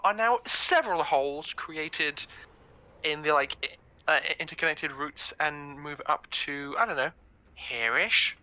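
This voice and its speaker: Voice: mid-range voice, sharp tone, muffled recording. A player in a tabletop game describing their character's actions, stumbling and repeating words.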